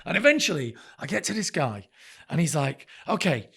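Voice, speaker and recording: A man's voice: a little high, very animated, normal speed, creaky, fairly bright tone, husky. A man co-hosting a podcast, telling stories with lots of energy, acting out both sides of phone calls and swearing freely. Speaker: podcast co-host. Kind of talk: casual chat.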